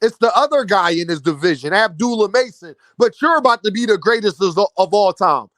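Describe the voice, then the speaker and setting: High-pitched man ranting about boxing. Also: expressive, brisk, a bit bright, dry recording. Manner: incredulous, mocking, addresses viewers as y'all. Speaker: boxing commentary vlogger. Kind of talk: animated boxing rant.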